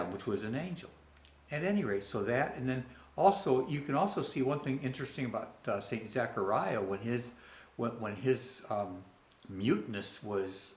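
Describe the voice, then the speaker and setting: A man's voice: medium pitch, slight background noise. Male religious speaker, rambling, off-the-cuff reflection, echoey room. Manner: rambling, halting, many restarts. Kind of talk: unscripted reflective monologue. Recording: roomy with faint ambience.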